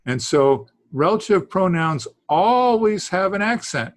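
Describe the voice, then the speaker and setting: Teaching a Greek class to students in the room, a man speaks in a high-pitched, unhurried voice with big swings in pitch, over slight background noise. He rambles, stops to restart sentences, and chuckles from time to time.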